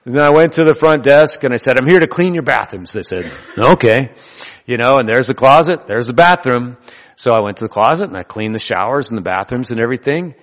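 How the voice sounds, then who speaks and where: A man's voice: medium pitch, animated, fairly quick, a bit bright, in a large hall. A man preaching a sermon in a loose, conversational way, joking and laughing between his points. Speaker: pastor.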